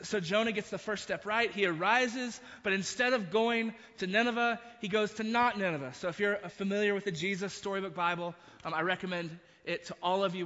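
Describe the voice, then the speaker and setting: A man's voice: high voice, bright, forceful tone, in a large hall, highs cut off. A man preaching a sermon, retelling a story with frequent restarts and asides. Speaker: pastor.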